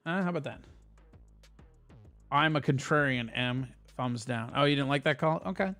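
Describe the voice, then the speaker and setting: A man's voice: mid-range voice, normal speed, fairly bright tone, soft background music. A man hosting a casual live stream, talking loosely and swearing as he reads and answers chat messages.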